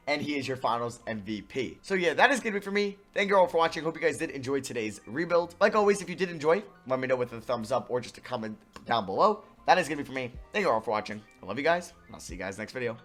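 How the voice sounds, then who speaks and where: A young man commentating his own basketball video game, muttering plans and then shouting at the plays. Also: mid-range voice, fast, hardly any pauses, soft background music. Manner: excitable, swings from muttering to yelling. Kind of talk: gaming commentary.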